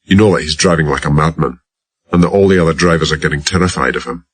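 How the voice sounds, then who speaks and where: Old Glasgow driver, indignant, unflappable, husky and very deep, put on by the reader. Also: male voice, quick pace, dry recording. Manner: indignant, unperturbed. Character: old wizened male transporter driver.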